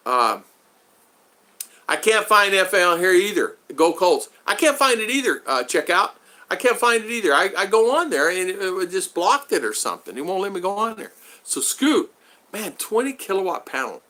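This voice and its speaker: Livestream host, man, rambling and chatty, lively bright voice. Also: high-pitched, normal speed. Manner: rambling, chatty, repeats himself, addresses viewers by name. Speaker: livestream host reading chat. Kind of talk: casual livestream chat. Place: home in the Philippines.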